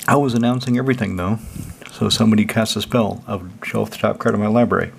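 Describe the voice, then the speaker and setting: A man walks through his card decks in a loose, rambling way, swearing as he goes. His voice is low and gravelly, and a faint hiss sits behind it. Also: steady tone, quick pace. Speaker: deck-building channel host. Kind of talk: casual deck walkthrough.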